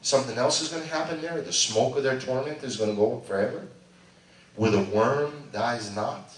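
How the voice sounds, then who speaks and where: A middle-aged male pastor preaching a sermon, swinging between loud animated bursts and hushed asides. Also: mid-range voice, normal speed. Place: church sanctuary. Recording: echoey church sound from a distant mic.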